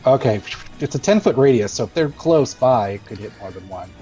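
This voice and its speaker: A man's voice: medium pitch, lively intonation, fairly quick, mellow, soft background music. A man speaking casually as a player at a tabletop game, rambling and swearing.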